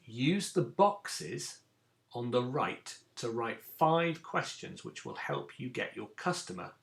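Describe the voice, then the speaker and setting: A man's voice: medium pitch, gravelly, a bit bright. A man, a teacher giving a recorded lesson to children and explaining each step patiently. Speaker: primary school teacher.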